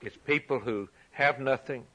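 A man preaching a sermon, emphatic and repetitive, rising loud for scripture and dropping quiet for key points. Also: mid-range voice, measured pace. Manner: emphatic, repeats phrases, swings from loud to quiet; reads scripture aloud in a raised voice.

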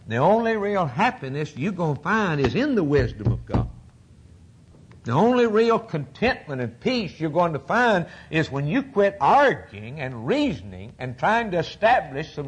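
A man preaching a fervent sermon, emphatic and repetitive, with a husky voice. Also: on the high side.

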